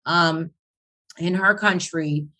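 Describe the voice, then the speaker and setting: A woman, co-hosting a casual review and recapping scenes in a relaxed, chatty way. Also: on the low side, takes it slowly. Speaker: co-host reviewing a reality show. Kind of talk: casual chat.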